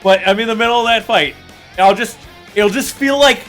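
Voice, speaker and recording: A man streaming a game, talking casually and profanely, venting in an animated way with loud mock outbursts. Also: high voice, a little fast, soft background music. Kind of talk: casual gaming stream commentary.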